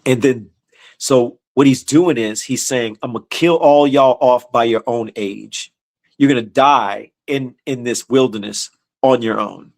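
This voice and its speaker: A man leading an informal Bible study, blunt and emphatic, repeating his points in casual slang and reading scripture aloud slowly. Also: medium pitch, vocal fry. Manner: reads scripture slowly in a raised, declaiming voice.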